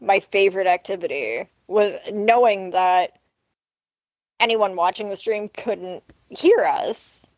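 A woman's voice: medium pitch, takes it slowly, darkish tone, no echo, poor audio. A woman co-hosting a casual podcast over an online voice call, joking crudely and laughing often. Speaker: podcast co-host. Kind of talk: casual chat.

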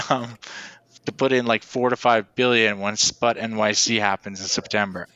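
A man with a New Jersey accent in casual podcast chat, loud and profane, repeating himself. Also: fairly low pitch, fairly even intonation, moderate pace, clean tone, no echo, lo-fi sound.

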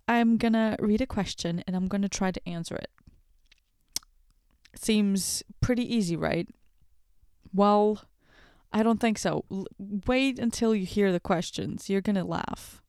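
A woman's voice: mid-range voice, moderate pace, few pauses, darkish tone, clear, resonant tone, no echo, studio quality. A woman hosting a casual solo podcast, rambling and giggling with self-deprecating jokes, wired on late-night coffee. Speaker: podcast host. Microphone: podcast microphone.

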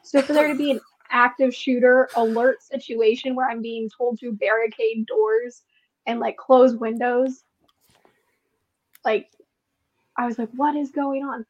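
Woman with a high voice venting about her neighbors, lots of swearing. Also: fairly even intonation, a little slow, poor audio. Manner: blunt and profane, exasperated storyteller. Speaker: podcast guest. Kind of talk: casual chat.

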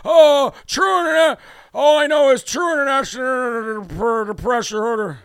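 A man's voice: very high voice, a little slow, no echo, studio quality, pitched above the performer's own voice. A man mocking a confused, frail elderly male president in a whiny, bewildered mumble.

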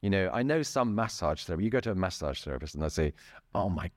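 A middle-aged man speaking as a therapist guest in a relaxed interview, chatty, laughing often and restarting his sentences. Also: sits low, racing, no echo, clean studio sound. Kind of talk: casual interview talk.

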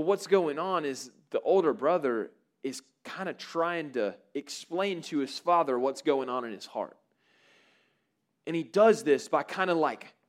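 Brief: a fairly high-voiced male preacher, casual and conversational, frequent fillers and restarts. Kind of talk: sermon.

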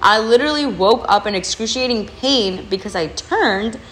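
A woman's voice: fairly high pitch, measured pace, a bit bright, soft background music. A young woman hosting a podcast, talking candidly and rambling about her hectic life while in back pain. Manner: candid, rambling, frequent "like" and "literally". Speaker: podcast host. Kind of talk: casual venting monologue. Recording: poor mic with faint background hiss.

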